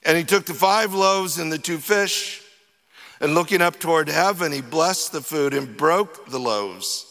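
A man's voice: fairly high pitch, measured pace, bright, forceful tone. A man preaching a sermon as pastor, talking conversationally and acting out the disciples' sarcastic replies. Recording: echoey hall with long reverb.

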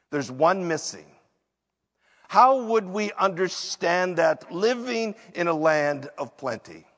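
A man preaching a sermon, emphatic, acting out excuses in quick asides. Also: sits high, a bit bright, in a large hall. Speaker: pastor.

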